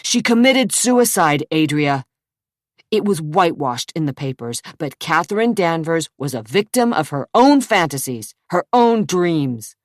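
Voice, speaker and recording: A brooding, sarcastic man who answers in short, hard lines, low and dry in tone, as a woman reads him. His bitterness colours every word of this storybook thriller. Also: lively intonation, a little slow, no echo. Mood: harsh. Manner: curt, sarcastic and clipped.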